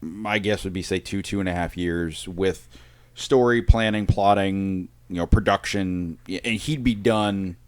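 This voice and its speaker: A man's voice: low-pitched, a little slow, clean tone, no echo. An American man co-hosting a podcast in easygoing, rambling casual chat. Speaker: podcast co-host.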